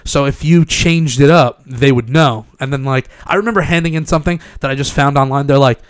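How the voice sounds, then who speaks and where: A man's voice: mid-range voice, fairly quick, clear, resonant tone, dry recording. A young man co-hosting a casual podcast chat, telling rambling, profane stories with laughs into a studio mic. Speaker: podcast co-host.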